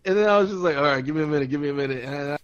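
A man's voice: on the high side, rapid-fire, a little hiss or hum. Profane young man telling a party story. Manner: profane, laughing, animated retelling with quoted voices. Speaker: podcast co-host. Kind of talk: casual storytelling chat. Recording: dull lo-fi podcast audio.

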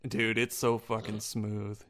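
A man's voice: fairly low pitch, monotone, slow, fairly bright tone. A man co-hosting a podcast in loose, profane casual chat, laughing often. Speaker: podcast co-host.

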